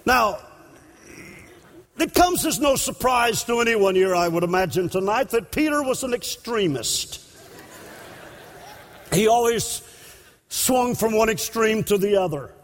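A man with a strikingly high voice preaches a sermon in a church. He takes his time and lets each phrase land, then rises into shouts for emphasis. His voice rings out with a long hall reverb. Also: animated, measured pace, pauses often. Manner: impassioned, breaking into shouts for emphasis.

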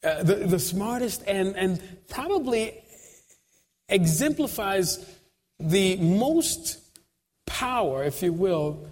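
A man with a very high voice delivers a sermon in slow, drawn-out phrases. He pauses often, checks in with the congregation, and breaks into shouts at the climaxes. His voice rings with the long echo of a large hall. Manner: dramatic pauses, rising to shouts at peaks; conversational asides to the congregation. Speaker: preacher.

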